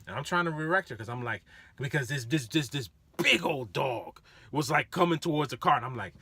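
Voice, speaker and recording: Animated storytelling man with a bright voice. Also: fairly high pitch, a little fast, slightly rough. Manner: animated, laughing, acts out voices. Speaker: rideshare driver. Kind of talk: casual storytelling.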